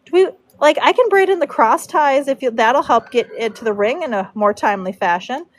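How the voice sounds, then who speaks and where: Older braider lady put on by a woman, matter-of-fact, calls folks son, high voice, dry. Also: expressive, a little fast, no echo. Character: seasoned older female horse braider, blunt and unflappable.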